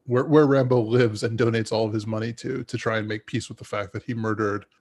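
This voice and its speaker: Husky, gravelly man talking movies. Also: on the low side, fairly even intonation, brisk, a little mellow. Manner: rambling, frequent restarts and ums. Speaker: podcast co-host. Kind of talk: casual movie discussion.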